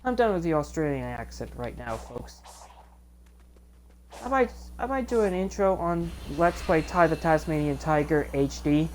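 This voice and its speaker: A woman giving casual game commentary as a video host, chatty and excitable, with rambling asides. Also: low-pitched, moderate pace, soft background music.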